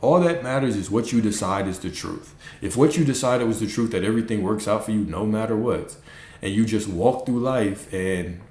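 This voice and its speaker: Blunt, preachy man in an echoey room. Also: darkish tone. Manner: blunt, preachy, profane, mocks listeners in high put-on voices. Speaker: manifestation coach. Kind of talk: casual livestream talk.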